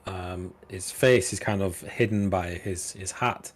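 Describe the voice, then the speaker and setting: Guy running a dnd game, lowish voice, chatty and rambling. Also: unhurried. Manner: casual, many fillers and restarts. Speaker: game master. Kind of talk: narrating a tabletop game.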